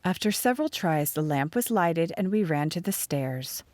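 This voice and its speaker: Casting: animated female audiobook narrator, lowish voice, dry close sound. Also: normal speed, no echo. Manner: expressive, animated reading. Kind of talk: first-person storybook narration.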